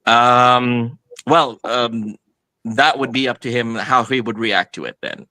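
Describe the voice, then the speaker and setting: A man's voice: medium pitch, takes it slowly, sharp tone, no echo, low-quality recording. A man playing a tabletop role-playing game, speaking in a polite, mild way and laughing often. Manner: polite, mild in-character speech with frequent laughs. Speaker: player. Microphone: online stream call.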